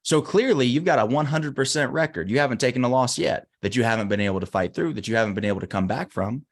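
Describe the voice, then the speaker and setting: A man's voice: mid-range voice, fast talker. A man as an interview guest telling a story and giving emphatic motivational advice. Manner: earnest, emphatic.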